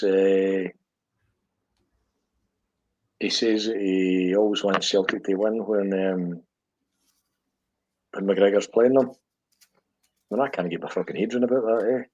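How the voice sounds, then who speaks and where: A middle-aged Glaswegian man with a lowish, dark voice hosts a podcast of blunt, sweary football chat, tacking "eh?" onto his lines. The audio is dull and lo-fi.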